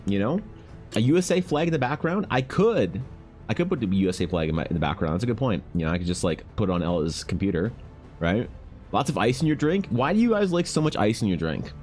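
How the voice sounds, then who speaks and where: Deep-voiced man streamer, rambling profane banter, faint music under. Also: a little mellow. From Canada. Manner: rambling, joking, profane, with many restarts. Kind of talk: casual live-stream chat while drawing.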